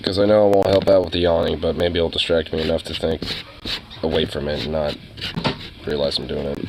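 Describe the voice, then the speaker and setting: Deep-voiced tired man grumbling to himself. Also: level tone, a little fast, vocal fry, noisy background. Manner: grumbling, tired, mutters to himself with sighs and curses. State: yawning, runny nose. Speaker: streamer. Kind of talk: casual solo talk.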